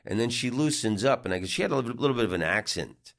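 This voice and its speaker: A man's voice: medium pitch, expressive, fast, a bit bright. A middle-aged man, a comedian, telling a rambling casual story with lots of restarts and fillers. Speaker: comedian and podcast host.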